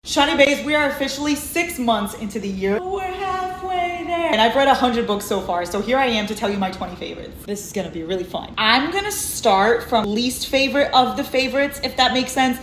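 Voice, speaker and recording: A woman's voice: fairly high pitch, fairly quick, few pauses, slight background noise. Gushing young woman with a lilt. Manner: gushing, animated, emphatic. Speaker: book vlogger. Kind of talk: casual book review chat. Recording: echoey room.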